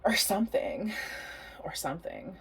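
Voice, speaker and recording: A woman's voice: mid-range voice, wildly swooping pitch, a little slow, creaky, fairly bright tone, husky. A young adult woman giving a casual tarot reading, rambling and chatty, laughing often and swearing freely. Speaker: tarot reader.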